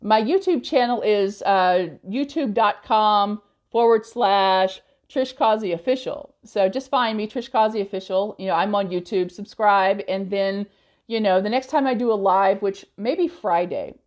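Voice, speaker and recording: A woman chats live with her viewers, reading comments aloud in a casual, talkative way. She laughs easily and turns blunt when someone bothers her. Her voice sits at a middle pitch. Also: a little slow, a little mellow. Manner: chatty, laughs often, blunt with trolls. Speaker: host of a live Q&A stream.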